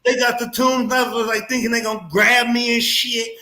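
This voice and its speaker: A man's voice: very high-pitched, normal speed, faint music behind. A man in his forties telling stories on a casual podcast, with slang, swearing and lots of energy. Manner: animated, profane, street slang. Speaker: podcast co-host. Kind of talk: casual storytelling chat. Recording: echoey room.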